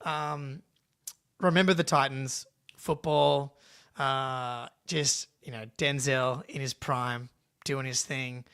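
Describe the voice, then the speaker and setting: A man co-hosting a casual sports podcast, animated and swearing casually as he chats. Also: medium pitch, takes it slowly, smooth. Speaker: podcast co-host.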